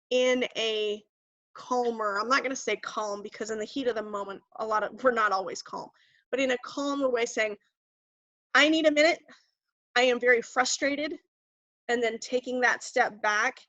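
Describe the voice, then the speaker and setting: Woman, earnest, halting restarts, dry close sound, dull lo-fi audio. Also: a little high, a bit bright, no echo. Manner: earnest, repeats words while finding phrasing. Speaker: guest speaker, parent. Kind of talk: earnest advice talk.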